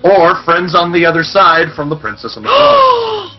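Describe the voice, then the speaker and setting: A man from Canada, rambling quickly in a casual live-stream chat. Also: high-pitched, huge pitch swings. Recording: dull lo-fi stream audio with faint music.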